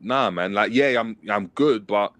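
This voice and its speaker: A man, chatting casually and telling animated stories about his football past. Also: lowish voice, a little slow, dry recording. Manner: animated storytelling, mimics a shouting coach. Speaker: former footballer, podcast guest. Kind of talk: casual chat.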